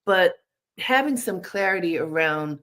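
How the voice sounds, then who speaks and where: A woman's voice: on the low side, lively intonation, unhurried, a bit bright. Reflective woman host. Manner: affirming and reflective. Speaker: talk show host. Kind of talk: reflective interview chat.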